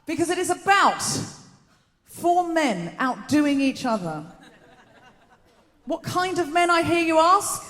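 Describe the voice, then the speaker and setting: A woman's voice: extremely high pitch, sing-song, slow, long pauses. A woman hosting a live comedy show, announcing acts with theatrical flair on a large stage. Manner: theatrical, shouts introductions. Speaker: host introducing acts. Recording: theatre reverb, loud crowd, music.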